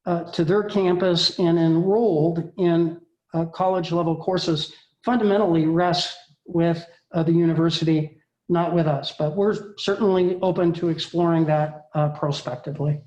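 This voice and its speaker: Halting man in an echoey room. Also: on the high side, steady tone, darkish tone, dull audio. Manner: measured, halting with many fillers. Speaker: school district administrator. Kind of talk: formal meeting remarks.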